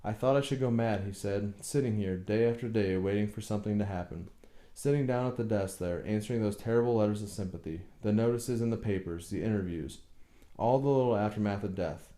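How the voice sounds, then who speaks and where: A man's voice: lowish voice, brisk, warm tone, roomy sound, natural voice. A man voicing a tormented older husband who talks in a brooding, bitter way in an audiobook reading. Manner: brooding, bursts into bitter anger.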